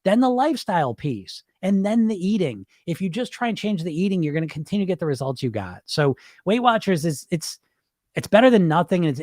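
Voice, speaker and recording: A man's voice: on the high side, no echo, studio quality. Blunt, profane male podcast host. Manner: blunt, profane, fast-shifting and animated. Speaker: weight loss hypnotist and podcast host. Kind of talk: casual podcast talk.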